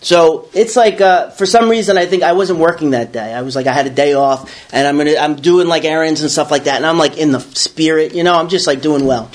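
A man from the Bronx, New York, tells a small audience a personal story, animatedly acting out the voices in his head. His voice is a little high and a little fast, with few pauses.

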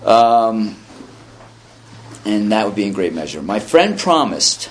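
A man in his fifties with a low voice shares at a recovery meeting. He talks in a loose, wandering way and mixes read-out passages with dry jokes at his own expense. A faint hum of room ambience sits behind him. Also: sing-song, slow pace. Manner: rambling and conversational, with dry self-deprecating humor. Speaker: speaker sharing at a recovery meeting. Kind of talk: casual spoken share, reading passages aloud and commenting.

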